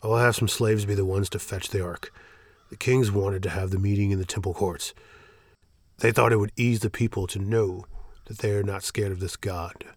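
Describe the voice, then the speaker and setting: A man voicing a worried young male priest who calls out urgently and then explains patiently, with a gravelly voice. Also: on the low side, fairly even intonation, moderate pace, no room sound. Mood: explaining. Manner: urgent, raised and strained.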